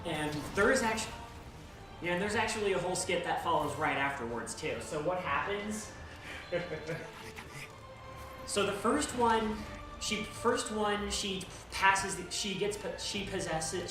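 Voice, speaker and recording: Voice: mid-range voice, measured pace, over music. A streamer chatting casually while playing a game, rambling with restarts and laughter. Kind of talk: casual chat while gaming. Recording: very echoey, distant, background noise.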